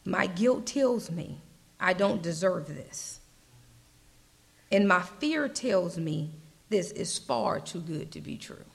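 A woman preaching a slow, earnest sermon, sometimes dropping her voice to a soft whisper. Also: fairly low pitch, lively intonation, vocal fry.

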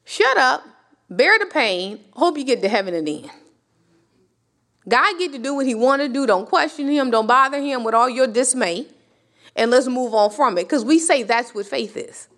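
A woman's voice: high-pitched, animated, moderate pace, fairly bright tone. A woman teaching a sermon in a conversational style, with rhetorical questions and passionate rises that climb to near cries. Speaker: Bible teacher.

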